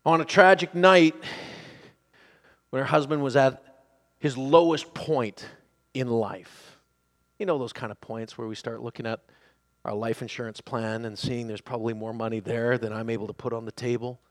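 A man preaching a sermon who swings between hushed, quiet passages and loud, excited shouting. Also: medium pitch, normal speed.

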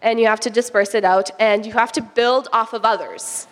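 A woman's voice: fairly high pitch, fairly even intonation, brisk. A young woman sharing a casual faith testimony, hesitant, with many fillers and restarts. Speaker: church youth sharing a testimony. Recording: long hall reverb.

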